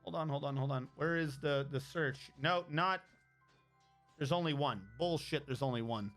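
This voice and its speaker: High, bright-voiced rambling male streamer. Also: normal speed, soft background music. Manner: rambling and profane, with many restarts. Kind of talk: casual chat.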